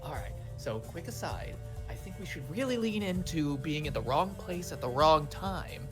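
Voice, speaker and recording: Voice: medium pitch, moderate pace, over music. A player in a tabletop game talking casually and joking. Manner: excited, joking.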